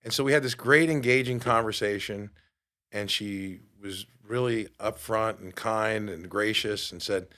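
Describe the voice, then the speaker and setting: Animated New man telling a story. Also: fairly low pitch, measured pace. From New York. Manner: animated, acts out quoted dialogue. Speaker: podcast host. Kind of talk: storytelling monologue.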